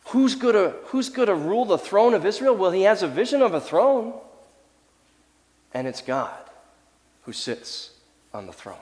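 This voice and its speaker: A man preaching a sermon as the pastor, lively and animated, sometimes acting out the voices of people in his story. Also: sits high, in a large hall. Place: church sanctuary.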